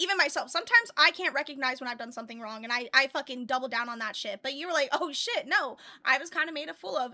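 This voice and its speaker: A woman hosting a livestream panel, talking loudly and encouragingly with lots of swearing. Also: high voice. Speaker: stream host. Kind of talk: casual livestream chat.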